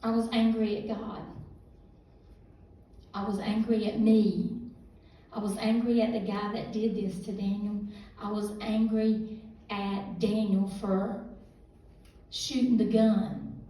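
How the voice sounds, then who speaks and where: A middle-aged woman giving a halting, emotional personal testimony as a guest speaker at a church youth service. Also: medium pitch, little pitch movement, mellow. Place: church hall. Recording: echoey room heard from a distance.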